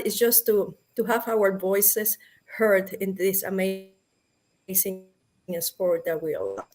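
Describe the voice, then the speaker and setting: A woman on a panel, speaking earnestly and a little haltingly about her work. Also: medium pitch, darkish tone. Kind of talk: panel talk.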